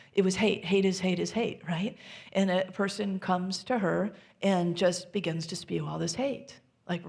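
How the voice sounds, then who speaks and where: A woman minister delivers a sermon in a low voice with a gravelly, creaky edge. Her delivery is gentle and intimate, often dropping to a soft near-whisper. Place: church sanctuary.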